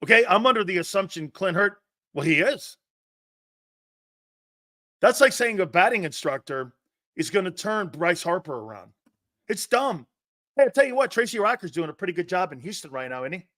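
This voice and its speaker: A man's voice: high voice, big pitch swings, normal speed, pauses often, sharp tone, no echo, studio quality. A man hosting a sports talk stream, ranting in a combative, sarcastic way, swearing, repeating his points and answering chat comments. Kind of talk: livestream sports rant.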